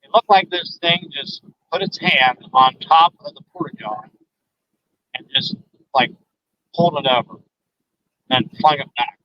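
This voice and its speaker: A man's voice: fairly high pitch, unhurried, long pauses, a little hiss or hum. A man telling a story as a guest in a phone interview, earnestly retelling each exchange with many "I said" and "he said" remarks. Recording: dull lo-fi phone line.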